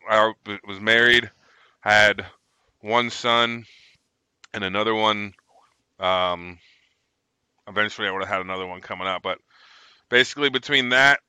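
तीस के दशक का एक आदमी, सेना का पूर्व सैनिक, जो खुलकर गालियों के साथ भटकती हुई कहानियाँ सुनाता है।. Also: male voice, lowish voice, sharp tone, clear, resonant tone, no room sound, rough recording. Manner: rambling, profane storyteller. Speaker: military veteran guest. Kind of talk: casual chat.

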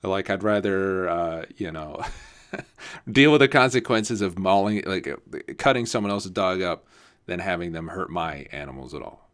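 A man's voice: deep voice, animated, normal speed, a bit bright, clear, resonant tone. A young man telling a casual story, rambling and swearing with lots of fillers and restarts.

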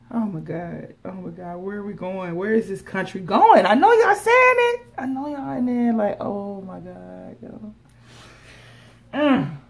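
A woman hosts a casual solo podcast from home, her voice sitting a little high. She riffs in loose slang and teases her listeners. She laughs often as she goes. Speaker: podcast host.

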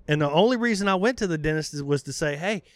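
A man in his thirties telling a profane, animated story in casual podcast chat. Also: on the high side, fast talker, no echo. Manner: profane, animated, acts out quoted voices.

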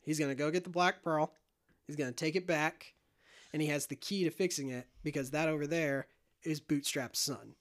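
Animated man recapping a movie. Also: on the high side. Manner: animated retelling, quick shifts into character voices and quotes. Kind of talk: casual movie recap chat.

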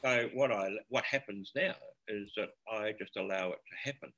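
Reflective New man, bright-edged voice. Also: lowish voice, moderate pace, dull audio. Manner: reflective, searching for words. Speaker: podcast guest, former paramedic. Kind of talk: casual podcast conversation.

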